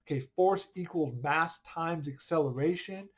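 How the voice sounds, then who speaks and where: A man teaches an online history class with a slightly higher voice than most men. He talks in a loose, conversational way and keeps checking whether the students are following along. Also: unhurried. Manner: conversational, checks understanding often. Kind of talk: casual online lesson.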